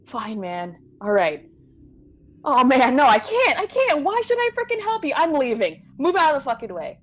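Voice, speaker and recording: A woman voicing a panicky, foul-mouthed boy who swears, shouts high and drops to whispers. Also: lively intonation, a little slow. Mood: panicked.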